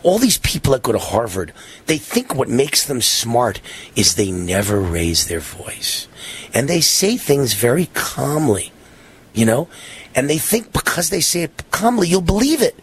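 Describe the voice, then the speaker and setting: Excitable, husky ranting male host. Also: medium pitch, measured pace. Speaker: talk show host. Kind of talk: political commentary.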